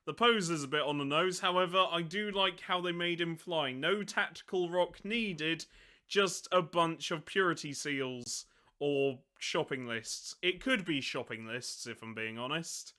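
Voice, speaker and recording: Guy rambling on about a model, keeps cracking himself up, bright slightly high voice. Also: unhurried. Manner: giggly, keeps breaking into laughter; rambling, self-mocking. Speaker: hobby channel host. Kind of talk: casual chat.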